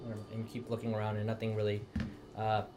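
A man's voice: lowish voice, completely flat delivery, background noise. A man narrating as dungeon master, often stopping and restarting his sentences. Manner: halting, full of restarts. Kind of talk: narrating a tabletop game.

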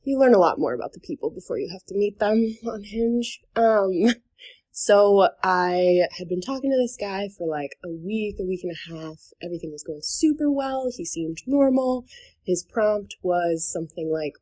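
A woman's voice: mid-range voice, expressive, a little slow, darkish tone. A young woman from New Hampshire telling a dating story in casual podcast chat. She talks chattily, with lots of fillers and "like", and laughs between sentences.

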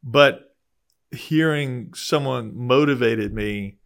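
A man hosting a podcast in casual chat, talking haltingly with many restarts. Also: mid-range voice, gravelly. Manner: hesitant, restarts a lot. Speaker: podcast host.

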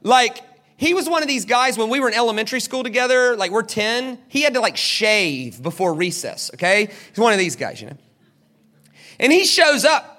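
Animated high-voiced preacher. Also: male voice, normal speed. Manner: animated, dramatic, with shouted peaks. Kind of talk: sermon with storytelling.

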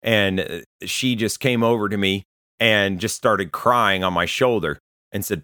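A pastor, a man with a lowish voice, preaches in a relaxed, conversational manner and slips into stories about people he has met. The sound is dry and close, with no room echo. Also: normal speed. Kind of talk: sermon to listeners.

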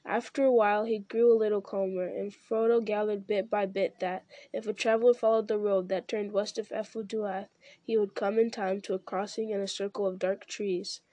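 A woman narrating a story in a measured, even audiobook reading. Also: mid-range voice, no echo. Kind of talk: scripted narration.

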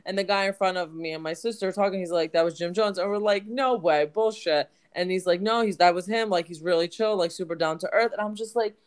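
A woman's voice: fairly low pitch, brisk, few pauses, clear, resonant tone. A woman co-hosting a podcast, telling a story in casual chat, full of "like" fillers. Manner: chatty storyteller, many "like" fillers. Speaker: podcast co-host.

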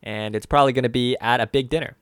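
A man co-hosting a scripted language lesson, slowing down to name each syllable and its tone. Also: mid-range voice, steady tone, fairly bright tone, smooth, no echo, clean studio sound.

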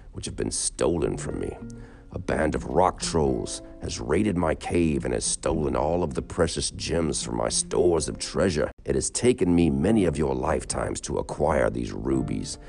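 A huge ancient dragon in a storybook, speaking in a very deep, gravelly voice with slow, formal words, as a narrator puts it on. It sounds stately and unhurried. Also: male voice, a little mellow, exaggerated voice.

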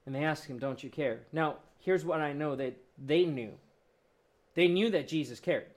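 A man preaching a sermon with emotional swings, building to loud peaks and then dropping to a soft, low voice. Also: normal speed. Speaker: pastor.

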